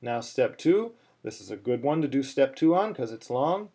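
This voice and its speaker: A man's voice: mid-range voice, very animated, moderate pace, hardly any pauses, mellow, husky. A man teaching a chanting lesson, explaining step by step with many fillers and restarts, now and then breaking into chant. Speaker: cantillation teacher.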